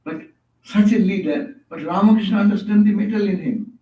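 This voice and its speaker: A man giving a devotional sermon as a monk, telling stories and often stopping to search for words, with rhetorical asides. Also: sits high. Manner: storytelling, asks rhetorical "No?" and "Huh?"; halting, restarts and searches for words. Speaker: monk giving a spiritual talk. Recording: echoey, distant, dull hall recording.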